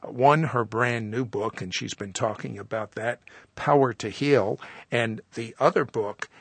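A man's voice: medium pitch, measured pace, gravelly, slightly rough, dry recording. A man hosting a show, interviewing a guest with probing, conversational questions. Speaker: TV show host.

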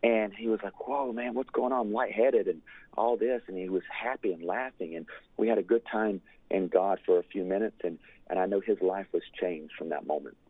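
A man's voice: deep voice, fairly quick, breathy edge, no echo. A man telling a fervent ministry testimony in an earnest storytelling way, full of "you know" fillers. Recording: dry, tinny phone-like line.

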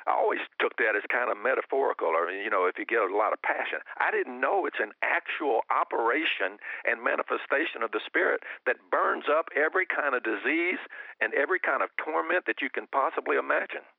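A man giving an excited testimony as a guest minister on a religious talk show, often repeating his words. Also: mid-range voice, brisk, vocal fry, no echo, phone-quality sound.

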